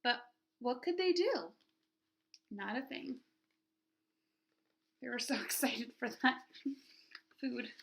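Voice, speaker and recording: A woman teacher reads a children's picture book aloud with lots of expression. Her voice sits a little high, and she pauses to ask her young listeners what will happen next. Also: animated, creaky, a bit bright.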